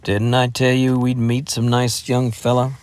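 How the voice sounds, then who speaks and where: A man's voice: mid-range voice, completely flat delivery, unhurried, a little mellow, clear, resonant tone, lightly acted. A man voicing a kindly, bantering grown man in a storybook reading. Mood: genial. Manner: genial and bantering.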